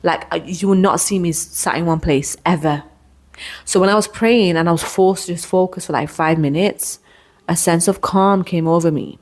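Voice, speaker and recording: A woman in her thirties, hosting her own podcast, talks through a personal story with a lowish voice. Her delivery is candid and loose, full of restarts and asides as she circles back on her thoughts. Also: moderate pace. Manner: candid, rambling, with frequent restarts and "like". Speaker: podcast host.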